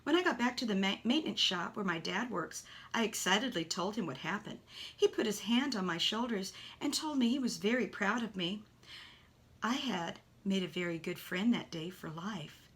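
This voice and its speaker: Woman narrator for a kids' storybook, animated delivery with hushed asides. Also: medium pitch, normal speed. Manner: animated, with soft whispered asides. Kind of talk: children's story reading.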